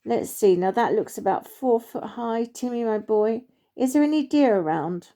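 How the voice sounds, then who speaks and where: A woman voicing a kindly, wise old male oak tree in a storybook reading, speaking in a gentle, fatherly manner. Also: on the high side, lively intonation, normal speed, lightly acted.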